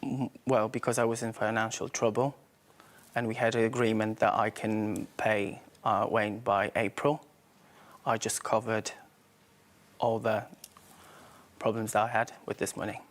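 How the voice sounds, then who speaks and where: A man answering as a defendant on a TV courtroom show, hesitant and halting. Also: on the low side, little pitch movement. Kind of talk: TV courtroom testimony.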